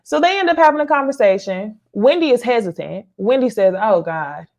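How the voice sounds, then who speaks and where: A woman hosting a casual reality TV recap, talking straight to her viewers in an animated, chatty way. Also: fairly high pitch, a little fast.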